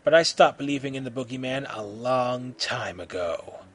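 A man voicing a young male martial-arts hero who shouts his lines in vengeful fury. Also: fairly high pitch, lively intonation, fairly quick, breathy edge. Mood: grim. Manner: shouting battle cries.

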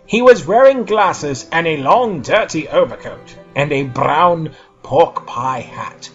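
An animated man hosting a podcast and reading a fan fiction story aloud with theatrical flair. His voice is high and very lively, with a bright tone. The audio is dull and lo-fi, with faint music playing underneath. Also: takes it slowly. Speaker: podcast host and reader.

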